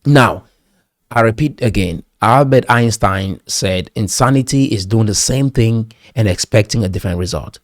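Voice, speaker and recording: A man's voice: fairly low pitch, moderate pace, no room sound, studio quality. A man with a Cameroonian English accent, delivering a motivational talk in an exhorting, preachy manner and repeating phrases for emphasis. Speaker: pastor and commentator.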